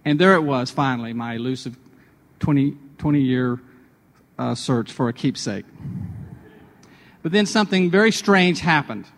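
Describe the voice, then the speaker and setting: A man's voice: mid-range voice, animated, normal speed, long pauses, big-room sound. A man hosting a radio devotional, telling personal anecdotes in a chatty way before drawing a sermon point. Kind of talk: conversational devotional storytelling.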